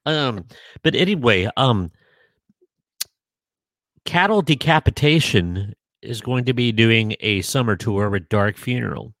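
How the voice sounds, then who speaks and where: A man co-hosting a podcast in casual chat, joking dryly and pausing often with ums. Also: medium pitch, animated, a bit bright, dry recording. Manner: dry joking, hesitant with many ums. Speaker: podcast co-host.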